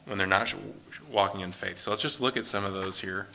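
A man's voice: deep voice, steady tone, brisk, sharp tone, a little hiss or hum. A man teaching a Bible study in a loose, conversational way, thinking aloud as he reads and explains passages.

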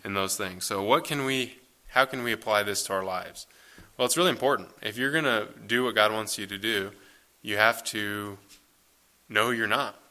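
A man with a very bright, sharp tone and a fairly low voice gives a sermon. He reads scripture and then talks it through in a casual, conversational way, with plenty of fillers. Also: smooth. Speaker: preacher.

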